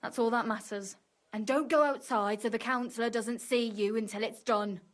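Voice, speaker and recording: A bossy, no-nonsense woman who runs a tavern, as an actress voices her in a game. She talks in a fairly high voice and rattles off brisk, scolding orders. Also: fairly even intonation, close to an everyday voice. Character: bossy woman running a tavern, impatient and practical.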